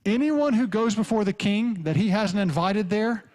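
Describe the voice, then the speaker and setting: A man's voice: high voice, expressive, moderate pace, darkish tone, pitched above the performer's own voice. A man acting out a worried young queen who explains her danger. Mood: anxious.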